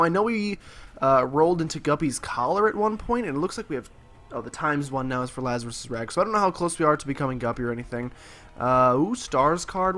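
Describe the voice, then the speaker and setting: A young man in college rambling with sarcasm and lots of fillers while commenting on his gameplay as a let's play host, his voice a bit husky. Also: on the high side, a bit bright. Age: young adult. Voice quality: slightly husky.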